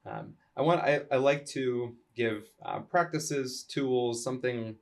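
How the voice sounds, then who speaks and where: Soft-spoken, gravelly podcast host. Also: male voice, medium pitch, takes it slowly. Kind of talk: podcast conversation.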